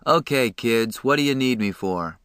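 A man's voice: medium pitch, lively intonation, normal speed, fairly bright tone, smooth, dry recording, clean studio sound, lightly acted. A man reading a tough, cocky teenage hoodlum, offhand and contemptuous, in a storybook reading.

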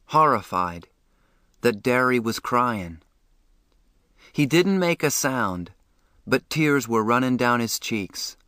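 A man narrating a novel in the first person, reading in a measured, plain way. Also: medium pitch, fairly bright tone, dry recording, studio quality. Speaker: audiobook narrator.

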